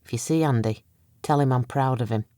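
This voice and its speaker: A woman's voice: extremely low pitch, brisk, mellow, no echo, clean studio sound. A woman voicing a middle-aged male police chief, strained and heavy with emotion. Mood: desperate.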